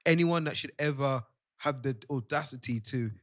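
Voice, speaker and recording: A man's voice: medium pitch, normal speed, a bit bright, no echo, clean studio sound. A man co-hosting a podcast chat, reflective and asking questions. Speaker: podcast co-host. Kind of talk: casual chat.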